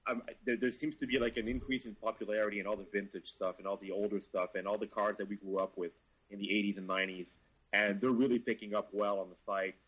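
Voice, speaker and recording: Low husky guy, bright forceful tone, swears a lot, dull lo-fi audio. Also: steady tone, fast. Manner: enthusiastic, swears freely. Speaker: car journalist guest. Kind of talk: casual podcast chat.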